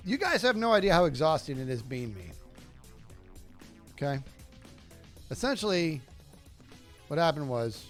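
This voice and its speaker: A man livestreaming a game and thinking out loud, his voice bouncing up and down as he rambles and cracks jokes to his chat. He sits a little on the high side for a man, with soft music playing underneath. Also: very animated, unhurried, long pauses. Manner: rambling, self-talking, jokey asides to chat. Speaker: streamer. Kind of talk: casual gameplay livestream chat.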